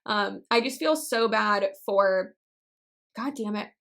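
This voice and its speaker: A woman's voice: medium pitch, slow pace, fairly bright tone. A young woman giving blunt, sassy vlog commentary, swearing freely and tearing up as she talks. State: teary and emotional. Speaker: anti-MLM commentator.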